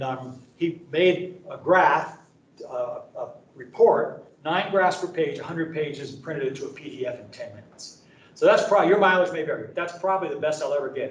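A middle-aged man giving a conversational, anecdote-filled training talk with lots of fillers, like a sales pitch. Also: recorded from a distance, a little hiss or hum. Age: middle-aged or older. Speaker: presenter at a training event. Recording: echoey room, speaker away from mic.

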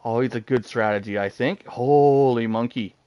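A man giving live commentary while he plays a game, excitable, talking to himself and laughing often. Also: mid-range voice, moderate pace, clear, resonant tone, no echo. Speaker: gaming streamer.

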